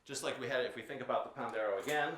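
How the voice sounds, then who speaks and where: A man's voice: mid-range voice, heavy background noise. Man teaching drums in an echoey room. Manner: explanatory, with frequent filler pauses. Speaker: percussion instructor. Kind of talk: instructional demonstration. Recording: echoey room with drum sounds.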